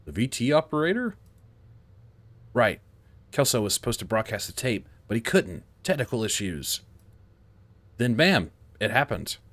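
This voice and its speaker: A man's voice: mid-range voice, sing-song, moderate pace, long pauses, fairly bright tone. A man reading as a pushy female TV reporter. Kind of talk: reading game dialogue aloud.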